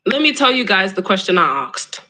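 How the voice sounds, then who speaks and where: A woman's voice: medium pitch, very animated, a little fast, pushed and bright, poor audio. A young woman hosting a live debate stream, argumentative and exasperated, pressing her question again and again. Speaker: livestream debate host.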